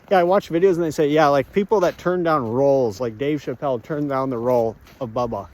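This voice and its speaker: A man's voice: mid-range voice, brisk, few pauses, a little mellow. A man vlogging on a walk outdoors, rambling and joking with lots of fillers. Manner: chatty, jokey, rambling with many fillers. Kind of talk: rambling walk-and-talk monologue. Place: outdoors on a walk, rural area.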